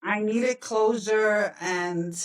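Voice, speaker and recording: A woman's voice: mid-range voice, drawn-out words, distant mic, low-quality recording. A woman guest telling a personal story with animation, acting out the dialogue.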